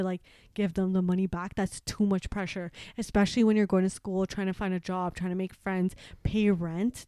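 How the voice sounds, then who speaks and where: A woman's voice: mid-range voice, mellow, smooth, no echo, studio quality. A woman in her twenties from Canada, chatting casually and rambling through a story with lots of fillers and swearing. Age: 20s. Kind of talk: casual chat.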